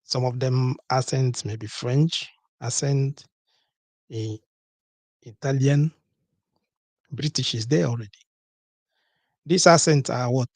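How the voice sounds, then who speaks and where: Gravelly husky-voiced man hosting a podcast. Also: mid-range voice, no room sound. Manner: rhetorical, repeats points with "okay?" and "what?". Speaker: podcast host. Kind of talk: solo podcast talk.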